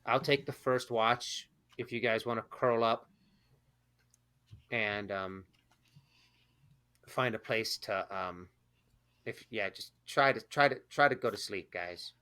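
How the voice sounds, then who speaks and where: A man speaking in character as a player in a tabletop game, halting and restarting his sentences. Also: on the low side, pushed and bright, smooth.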